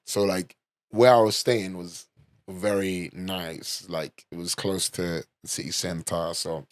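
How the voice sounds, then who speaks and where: A man's voice: low-pitched, fairly even intonation, a little slow, no echo, studio quality. A young man from London with a London accent, hosting a podcast and telling a casual, swearing story full of "like" and "you know". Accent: London English. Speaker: podcast host.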